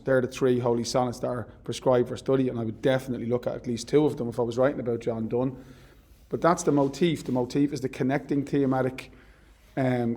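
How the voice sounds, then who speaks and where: Mellow-voiced male teacher explaining poetry. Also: medium pitch, slightly rough. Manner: conversational explaining with fillers and self-corrections; reads poem lines slowly and deliberately. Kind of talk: literature lesson.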